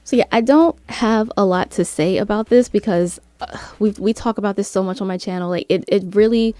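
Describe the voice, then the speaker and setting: An earnest woman speaks conversationally to her viewers, full of "like" and quick restarts. Her voice is mellow and relaxed, recorded close and dry with no room sound. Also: mid-range voice, dry recording. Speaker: vlogger. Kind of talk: casual commentary vlog.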